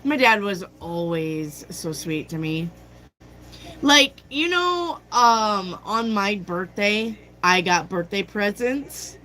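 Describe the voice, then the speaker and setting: A woman's voice: on the low side, fairly bright tone, low-quality recording. A woman hosting a tarot livestream, chatting casually, telling a personal story and answering viewer comments. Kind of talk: casual chat with live chat.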